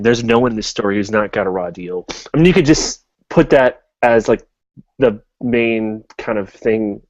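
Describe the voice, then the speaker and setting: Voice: mid-range voice, darkish tone, no room sound. Rambling young co-host, dull dry mic. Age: young adult. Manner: rambling, laughs, trails off. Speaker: podcast co-host. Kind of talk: casual comic-book discussion.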